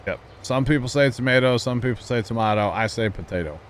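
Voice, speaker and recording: A man's voice: medium pitch, lively intonation, fairly quick, slight background noise. A man streaming a farming game live, chatting casually and easygoing with his chat and fellow players. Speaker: livestreamer.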